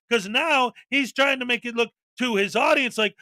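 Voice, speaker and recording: A male show host giving casual, scornful commentary on a video, rising to shouts as he rants. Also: extremely high pitch, normal speed, hardly any pauses, dry recording.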